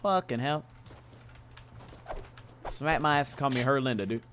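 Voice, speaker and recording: A young man streaming a game, talking in excitable slang, swearing and calling everyone bro. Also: medium pitch, a little slow. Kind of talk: live gameplay commentary. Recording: noisy with clicking keys.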